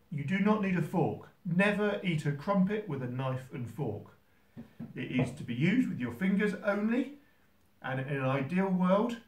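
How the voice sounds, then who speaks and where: A man hosting a how-to video from a holiday home kitchen, talking in a dry, mock-serious, gently teasing way. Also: mid-range voice, reverberant, distant mic. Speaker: host. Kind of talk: deadpan comic how-to video.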